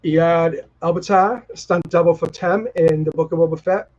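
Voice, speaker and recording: On a casual live stream, a co-host with a Boston accent talks enthusiastically at a moderate pace, frequently starting sentences over. His slightly high voice is steady and a little mellow, and the video-call sound is dull lo-fi.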